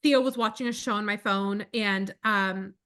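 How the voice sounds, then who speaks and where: A woman in her thirties co-hosting a podcast, chatting casually and telling animated stories with lots of fillers. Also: mid-range voice, moderate pace. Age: 30s. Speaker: podcast co-host. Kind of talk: casual chat.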